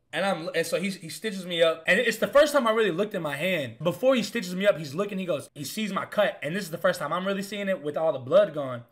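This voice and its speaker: A young man spins a comic story from his own life in a loose, animated way. His voice sits high and sounds bright and forceful, and he swears freely and punches each line. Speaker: comedian host. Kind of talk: casual comedic storytelling.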